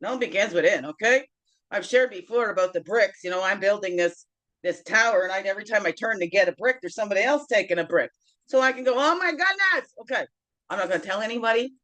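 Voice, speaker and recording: A woman's voice: mid-range voice, poor audio. A woman with a Newfoundland accent hosting a casual self-care vlog, chatty and encouraging, often checking in with "okay?" and breaking into playful chuckles. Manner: playful, chuckles and sings along between thoughts. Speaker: host of a daily self-care guidance show. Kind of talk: casual motivational vlog talk.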